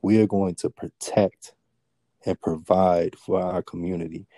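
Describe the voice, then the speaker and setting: A man speaking as a guest on a podcast, firm and declarative in a measured way. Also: low voice, level tone, dark tone, no echo. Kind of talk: casual podcast conversation.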